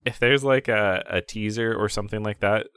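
A low-pitched man in casual podcast chat who rambles through fillers and breaks into laughter a lot. His voice is recorded close and dry, with no room sound behind it. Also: moderate pace, a bit bright, clear, resonant tone, no room sound. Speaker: podcast co-host.

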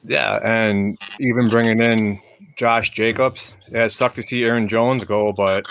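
A man interviewing a guest in a relaxed, conversational way. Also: on the low side, unhurried, gravelly, a little hiss or hum. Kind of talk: casual interview chat.

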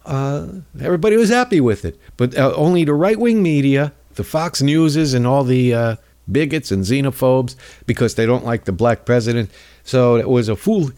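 A man's voice: mid-range voice, animated, a little fast, a little mellow. A man hosting a political talk show, delivering a rambling, sarcastic monologue and mocking his opponents in put-on voices.

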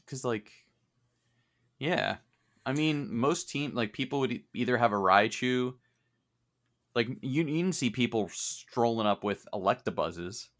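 A man's voice: medium pitch, lively intonation, unhurried, pauses often, a bit bright. A man co-hosting a podcast, chatting offhand into a desk microphone. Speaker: podcast co-host. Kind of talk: casual chat.

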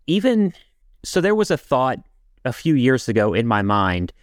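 A middle-aged man hosts a podcast in a lowish, smooth voice. He talks earnestly and at length, restarting his phrases now and then. The recording is dry and close. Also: no room sound. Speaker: podcast host. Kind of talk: casual interview talk.

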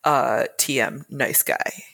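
Low, gravelly-voiced woman host. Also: takes it slowly, fairly bright tone. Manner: thoughtful, analytical, with laughs. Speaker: podcast co-host. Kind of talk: casual book discussion.

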